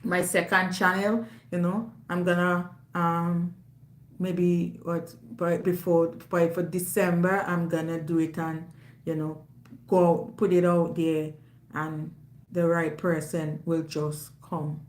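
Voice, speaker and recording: A Jamaican woman hosting a live stream, talking in a loud, emphatic, forthright way. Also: fairly low pitch, little pitch movement, takes it slowly. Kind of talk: casual live-stream chat. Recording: roomy echo.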